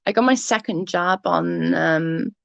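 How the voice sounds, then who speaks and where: Low, gravelly woman chatting on a livestream. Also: measured pace, dry recording. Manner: chatty, swears freely, giggly asides. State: congested with hay fever. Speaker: livestream host reading chat. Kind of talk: casual livestream chat. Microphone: close computer mic.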